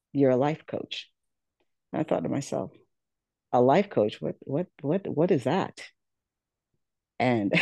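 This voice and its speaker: A woman's voice: deep voice, dark tone, dry recording. A middle-aged woman, a podcast guest, telling her life story earnestly, repeating words and acting out what others said to her. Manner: earnest, repeats words, acts out quoted dialogue. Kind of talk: personal storytelling in an interview.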